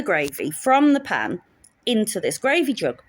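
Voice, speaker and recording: A woman's voice: mid-range voice, big pitch swings, unhurried, no echo. A woman telling a story in a casual vlog, wry and sarcastic. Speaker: teacher.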